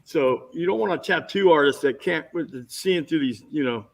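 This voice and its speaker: A man telling lively stories as a guest on a casual video-call chat, jumping into quick impressions. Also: fairly high pitch, creaky, rough recording. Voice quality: bald. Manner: animated anecdotes with impressions.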